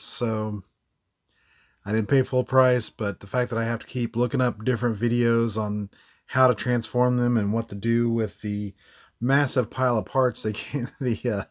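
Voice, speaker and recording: Casual man rambling through a review. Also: mid-range voice. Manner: rambling, frequent fillers and laughs. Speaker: toy reviewer, channel host.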